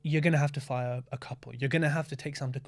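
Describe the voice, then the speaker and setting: A man speaking as a guest in an interview, blunt and candid, telling stories in a lively way and swearing freely. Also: mid-range voice, rapid-fire. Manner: animated storytelling with acted-out asides. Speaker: podcast guest, property investor. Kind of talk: casual interview talk.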